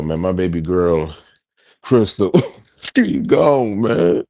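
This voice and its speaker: A man's voice: deep voice, sing-song, slow, gravelly, dark tone. A man hosting a casual TV reaction chat, groaning and drawing out his words in mock mourning. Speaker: reaction show host.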